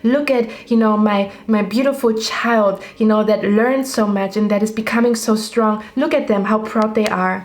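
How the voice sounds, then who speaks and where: A woman's voice: mid-range voice, normal speed, few pauses, close to an everyday voice. A woman voicing a proud spirit guide who gushes over the child in its care. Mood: proud, gushing. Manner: gushing, boastful about the child. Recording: roomy echo.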